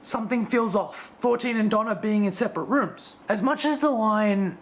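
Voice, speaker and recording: A video reviewer walks through an episode scene by scene in a scripted, analytical delivery. The voice sits at an ordinary middle pitch and now and then restarts a sentence mid-thought. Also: normal speed, hardly any pauses. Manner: analytical, breaks down scenes one by one.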